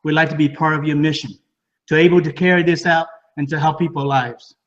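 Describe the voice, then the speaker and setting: At a home business party in a living room, a man delivers an enthusiastic sales pitch at a brisk pace. He sounds distant and muffled, repeats words, and uses broken English phrasing.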